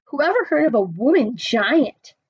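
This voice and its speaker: A woman's voice: sits high, very animated, measured pace, breathy edge, no room sound, muffled recording, full character voice. A woman voicing a huge, kindly, very old male giant who mangles his grammar and invents words. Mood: earnest.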